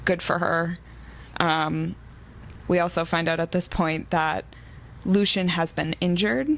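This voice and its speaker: A woman co-hosting a casual book-club podcast, animated and exasperated, quick to laugh. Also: on the low side, gravelly. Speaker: podcast co-host.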